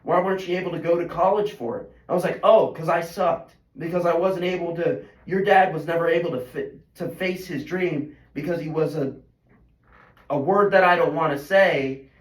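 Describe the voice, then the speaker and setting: A teenage boy and high school golfer venting in a frustrated, self-critical ramble full of restarts. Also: fairly even intonation, moderate pace. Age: teens. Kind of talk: emotional venting monologue. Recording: roomy echo.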